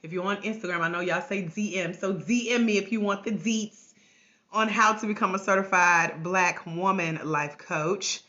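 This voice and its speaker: Hoarse, chatty woman livestream host. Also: medium pitch, sharp tone. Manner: chatty, greets viewers by name, playful teasing. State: hoarse, voice cracking. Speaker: life coach trainer hosting a livestream. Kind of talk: casual livestream chat. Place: at home. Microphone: tablet microphone. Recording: grainy lo-fi livestream audio.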